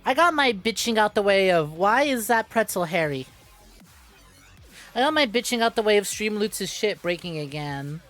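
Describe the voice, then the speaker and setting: A woman streamer chats casually into a close mic, her voice sitting a little high. She rambles, swears freely and jumps from heated rants back to laughing. Soft music plays faintly behind her. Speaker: VTuber streamer. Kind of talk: casual live-stream chat.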